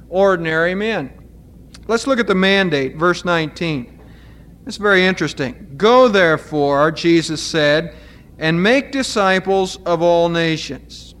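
A man with a fairly high voice delivers a sermon to his congregation. He explains each point earnestly and deliberately, leaning on key words for emphasis. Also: fairly bright tone. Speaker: pastor.

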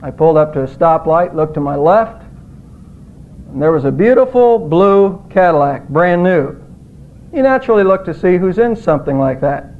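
Male preacher, earnest and emphatic, high-pitched, lo-fi phone-quality recording. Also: expressive, normal speed. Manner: earnest preaching, emphatic rises on quoted words. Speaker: pastor. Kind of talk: sermon. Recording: tinny phone-like audio.

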